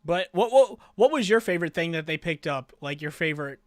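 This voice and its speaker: A man hosting a casual review podcast, talking in a jokey, animated way and acting out characters' lines. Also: fairly high pitch, fairly quick, dry recording, studio quality. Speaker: podcast host.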